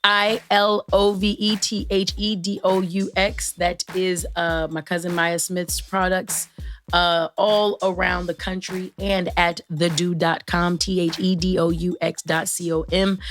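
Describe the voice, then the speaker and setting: Chatty, playful woman hosting with a lowish voice. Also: fairly even intonation, measured pace, faint music behind. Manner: playful, chatty, rambling with fillers and shout-outs. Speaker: podcast host. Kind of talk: casual solo chat to listeners.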